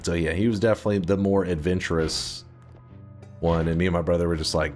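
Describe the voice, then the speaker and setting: A man's voice: low-pitched, fairly even intonation, fast talker, a little mellow, faint music behind. A man streaming a game live, rambling through stories in a casual, foul-mouthed way at a desk microphone. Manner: rambling storyteller, swears freely, laughs often.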